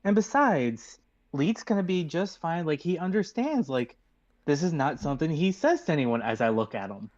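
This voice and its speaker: A man playing a tabletop game, rambling quickly and excitably in character. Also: a little high, dull audio. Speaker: player. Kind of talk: in-character tabletop role-play.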